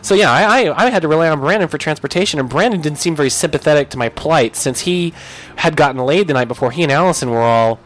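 A young man telling a comic story on a podcast, animated and profane, jumping into loud yelps when he acts out his own lines. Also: on the high side, quick pace, faint music behind.

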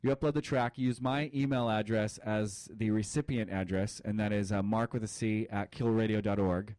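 Dry-humored low-voiced male co-host. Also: steady tone, normal speed, a little mellow, dry recording. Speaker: internet radio co-host. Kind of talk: casual banter on air.

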